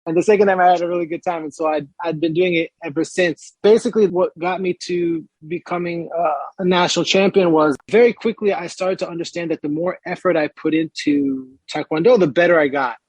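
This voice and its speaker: A man who grew up in Israel, a performance coach and podcast guest, telling his story in a relaxed, thoughtful way and laughing easily. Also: a little high, a little fast, hardly any pauses, slightly rough, no echo, poor audio. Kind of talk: casual interview storytelling.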